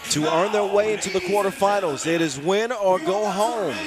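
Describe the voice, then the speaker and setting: Midwest dude doing hype play-by-play, voice sits kinda high, loud arena music behind him. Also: male voice. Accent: American Midwest. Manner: energetic, hype, loud projecting delivery. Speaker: play-by-play commentator. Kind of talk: sports commentary.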